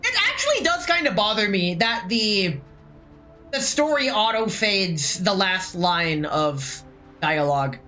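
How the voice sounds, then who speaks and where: A woman's voice: medium pitch, big pitch swings, measured pace, bright, forceful tone, faint music behind, poor audio. A woman live-streaming a game, chatting in a joking, profane, rambling way. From United States. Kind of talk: casual live-stream chat while playing a game.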